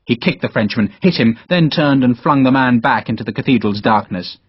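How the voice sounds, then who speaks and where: Brisk and husky at medium pitch, a man dramatically narrates a scripted audiobook, giving each character a voice. The lo-fi recording is dull and dry, without any room sound.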